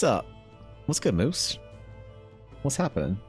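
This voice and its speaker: A man with a Canadian accent chatting on a live art stream, excitable and swearing, mock-exasperated at his chat. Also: deep voice, normal speed, long pauses, soft background music. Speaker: artist streamer. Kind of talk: casual livestream chat while drawing.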